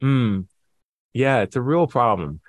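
A man's voice: mid-range voice, lively intonation, slow, no room sound. A man in casual podcast chat, arguing with sarcasm and acting out quoted people in mocking voices.

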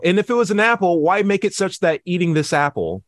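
A man's voice: high-pitched, lively intonation, a little fast, a bit bright, dry recording, clean studio sound. A man in casual podcast chat, arguing with sarcasm and acting out quoted people in mocking voices.

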